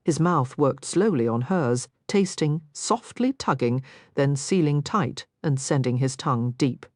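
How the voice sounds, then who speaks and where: A woman narrating a romance audiobook in an intimate, expressive reading. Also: a bass voice, measured pace, no echo, studio quality. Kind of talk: scripted narration.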